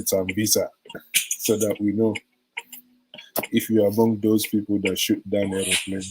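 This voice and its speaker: A man's voice: lowish voice, background noise. A middle-aged Nigerian man with a Nigerian accent hosting a live-stream chat, reading viewer comments, laughing often and wandering into stories. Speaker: live show host.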